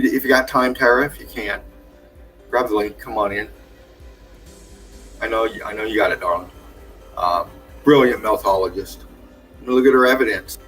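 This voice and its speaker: A man's voice: on the low side, fairly bright tone. A man hosting a livestream, casually greeting viewers one by one and praising them effusively, with laughs along the way. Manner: effusive, calls viewers darling, laughs often. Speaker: livestream host. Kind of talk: casual livestream shout-outs. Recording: faint music behind.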